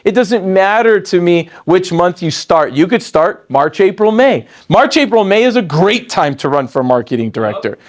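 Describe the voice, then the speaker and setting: A man in his forties with a high voice gives a lively motivational training talk. He punches up his excitement with sudden jumps in pitch, then drops low and calm when he quotes someone else. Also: normal speed, hardly any pauses. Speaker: sales training speaker.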